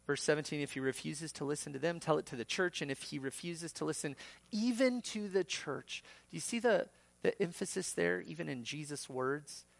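A man's voice: a little high, moderate pace, gravelly, no echo. A man preaching a sermon as pastor, acting out quoted voices and rising sharply for emphasis.

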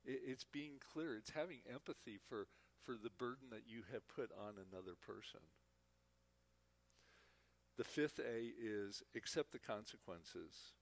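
A man's voice: medium pitch, unhurried. A man teaching a Bible class, speaking earnestly and often repeating words as he talks. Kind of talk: church teaching talk.

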